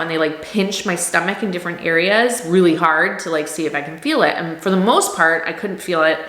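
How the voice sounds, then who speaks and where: A woman's voice: lowish voice, fairly bright tone. A woman in her thirties telling a personal story to camera, candid and emotional, with lots of "like". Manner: candid and emotional, heavy use of "like". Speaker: vlogger. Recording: echoey room.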